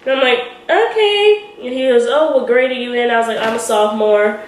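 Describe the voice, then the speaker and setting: A young beauty vlogger with a higher voice talks fast, telling stories in a chatty get-ready-with-me style. She's animated and giggly, quoting people in lively voices. The room is echoey, with roomy reverb and a faint hiss.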